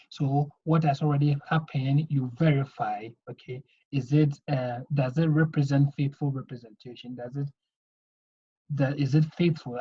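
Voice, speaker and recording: Male lecturer, husky mid-range voice, step-by-step classroom explainer on a muffled lo-fi recording. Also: mid-range voice, mellow. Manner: explanatory, repeats "okay?" to check understanding. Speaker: accounting teacher. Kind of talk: video lesson lecture. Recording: dull lo-fi recording.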